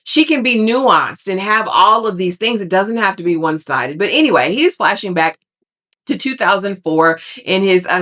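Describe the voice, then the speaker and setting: Woman vlogger, lowish voice, sassy and animated casual recap commentary. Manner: sassy, animated, calls listeners honey and baby.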